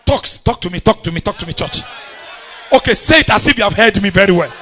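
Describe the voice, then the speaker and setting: Nigerian male preacher, middle-aged, very high and bright voice, fiery delivery, works the congregation. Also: fast, a faint crowd. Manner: animated, bursts into shouting, calls on the congregation. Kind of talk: sermon.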